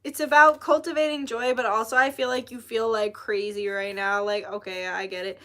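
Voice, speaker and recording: A woman's voice: on the high side, steady tone, normal speed, a bit bright. A young woman giving a casual tarot reading, chatty and full of fillers. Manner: chatty, lots of filler "like", spiritual talk. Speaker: tarot reader.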